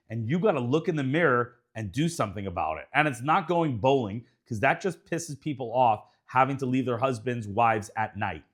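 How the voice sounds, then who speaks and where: A man co-hosting a casual podcast, blunt and emphatic, swearing freely. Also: medium pitch. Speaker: podcast co-host, dentist.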